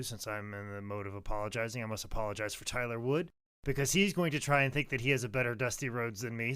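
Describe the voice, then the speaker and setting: A man's voice: mid-range voice, a bit bright, clear, resonant tone, dry recording, studio quality. A man co-hosting a podcast, joking and swearing as he apologizes. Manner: jokey, profane, dives into impressions. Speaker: podcast co-host. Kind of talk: casual podcast chat.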